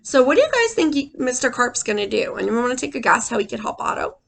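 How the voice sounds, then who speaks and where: Animated teacher reading to kids. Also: female voice, on the high side, fast, creaky. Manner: animated, asks the children questions. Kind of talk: reading a picture book aloud to children.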